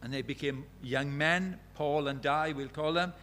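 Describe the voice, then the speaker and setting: A man's voice: a little high, fairly even intonation, measured pace, fairly bright tone. A man preaching a sermon, earnest and questioning, retelling conversations as dialogue.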